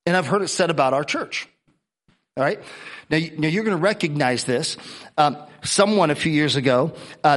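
A man's voice: a little high, fairly bright tone. A middle-aged man pastor preaching a sermon, earnest, often repeating words and coughing between phrases.

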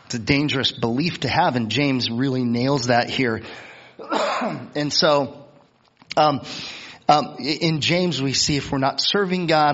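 Husky pastor preaching conversationally. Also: male voice, mid-range voice, fairly bright tone, dull audio. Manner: conversational, repeats words, acts out quoted voices. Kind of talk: sermon. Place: church.

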